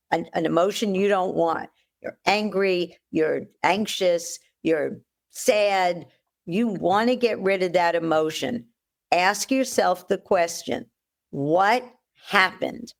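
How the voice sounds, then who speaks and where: A woman's voice: mid-range voice, creaky. A woman guest coach in a podcast interview, talking directly and repeating her key phrases. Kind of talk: conversational interview.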